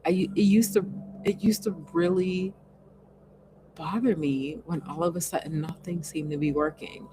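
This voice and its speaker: A woman's voice: lowish voice, unhurried, background noise. A woman hosting a casual live chat and answering viewer comments in an earnest, coaching way, with bits of self-reflection.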